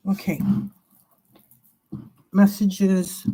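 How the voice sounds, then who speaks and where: A tarot reader gives an emotional spiritual reading, agitated, repeating herself and swearing. Her mid-range voice moves a little slowly, and the audio quality is poor.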